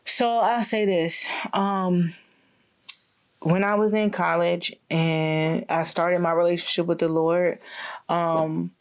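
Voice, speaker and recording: A woman's voice: on the low side, steady tone, slow, clean tone. A woman guest sharing her faith testimony in an interview, telling it in a reflective way and acting out quotes.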